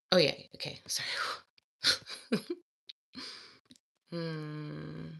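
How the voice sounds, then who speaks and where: A woman's voice: on the low side, very animated, very slow, gravelly, bright, forceful tone, slightly rough. A woman chatting to viewers in a casual study vlog, reading practice exercises aloud and giggling as she works. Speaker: language learner vlogger.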